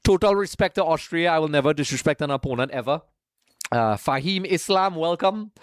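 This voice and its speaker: A Trinidadian man hosts a live watch-along stream, chatting casually, greeting viewers by name and calling them folks. His voice is fairly high, expressive and a little fast. The recording is dry and studio quality.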